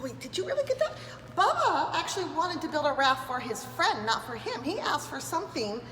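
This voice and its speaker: In an echoey room with long reverb, a woman with a high-pitched voice reads a picture book aloud to preschoolers. She's an animated, enthusiastic storyteller who does different voices, and a little hiss or hum sits under the audio.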